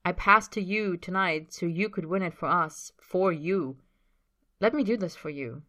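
A woman's voice: fairly low pitch, unhurried, sharp tone. A woman voicing a brash young male hockey player who needles and pushes. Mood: earnest. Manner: pushy, needling.

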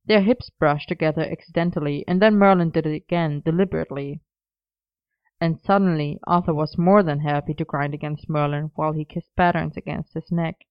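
A narrator reading a romance story aloud in a steady, even storytelling manner. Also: medium pitch, a little fast, clean tone, no echo, dull audio.

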